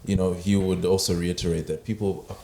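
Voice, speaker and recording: A man telling his story in a relaxed, casual way, with frequent soft fillers. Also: low-pitched, a little fast. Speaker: podcast guest. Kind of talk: casual conversation. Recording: echoey room with background noise.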